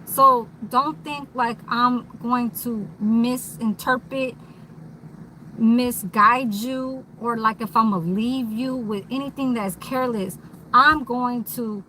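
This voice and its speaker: A woman's voice: fairly high pitch, slow, sharp tone, slight background noise, rough recording. A woman vlogging in a candid, rambling monologue, blunt and swearing freely, recorded inside a vehicle.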